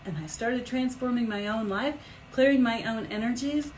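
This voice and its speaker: Middle-aged woman live streaming, chatty and animated, voice swoops around, faint room hum behind. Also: fairly high pitch, moderate pace, hardly any pauses, poor audio. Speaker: energy healer hosting a live stream. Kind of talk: casual live-stream talk.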